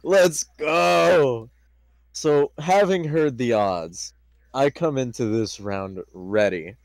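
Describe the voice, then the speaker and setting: A man's voice: mid-range voice, lively intonation, takes it slowly, darkish tone, no room sound. A young man playing in a tabletop game, joking and eager in casual banter. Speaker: player.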